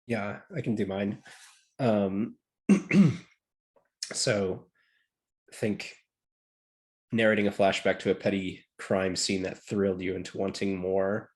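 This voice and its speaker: A man player setting up his narration in a tabletop game, unhurried and thinking aloud. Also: on the low side, steady tone, a little mellow.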